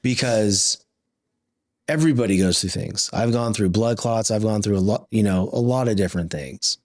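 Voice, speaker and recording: Male host: encouraging, affirming, low-pitched, dry close sound. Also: moderate pace, darkish tone, no echo. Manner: encouraging, affirming, laughs easily. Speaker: podcast host. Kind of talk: interview conversation.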